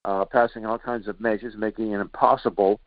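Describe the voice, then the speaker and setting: A man's voice: lowish voice, flat delivery, brisk, no room sound, dull audio. A male radio host giving an indignant political monologue, rambling with many fillers and restarts.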